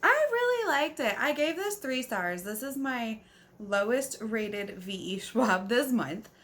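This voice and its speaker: A woman book vlogger talks in an unhurried, easygoing way, gushing over what she has read. She fills her casual chat with "like" and sounds relaxed rather than polished. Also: fairly high pitch. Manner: chatty and gushing, fills speech with "like"; yawning, talking at bedtime. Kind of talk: casual reading vlog chat.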